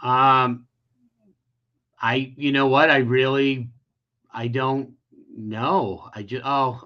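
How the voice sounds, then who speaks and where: A man's voice: mid-range voice, flat delivery, extremely slow, long pauses. A man as an interview guest, telling a personal story in an emotional, rambling way with many restarts. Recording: dull lo-fi audio.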